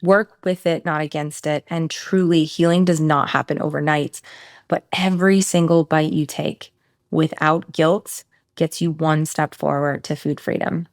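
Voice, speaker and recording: This woman hosts her podcast alone and races through it, frank and salty, with offhand asides. Her voice sits on the lower side for a woman. The close mic sounds dry, with the room adding almost nothing. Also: no room sound. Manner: fast, blunt, swears freely, animated asides. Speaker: podcast host, nutrition coach. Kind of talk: casual solo podcast Q&A.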